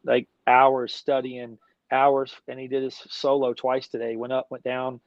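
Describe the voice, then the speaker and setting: A man's voice: mid-range voice, completely flat delivery, measured pace, no echo. Enthusiastic middle-aged man, dull dry audio. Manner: enthusiastic storyteller, slangy and rambling. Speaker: guest, business founder. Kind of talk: casual interview chat.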